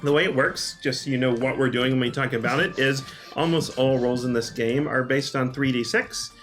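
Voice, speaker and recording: A man as game master, explaining the rules in a relaxed way with lots of ums and uhs. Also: medium pitch, a little fast, faint music behind. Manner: relaxed, full of um and uh.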